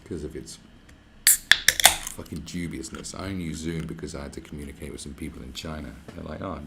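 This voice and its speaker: A man's voice: a bass voice, fairly even intonation, fairly quick, vocal fry, very noisy. A man chatting live on his stream, rambling and swearing freely as he reads out messages from viewers. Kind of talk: casual livestream chat. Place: where he is staying, not his home.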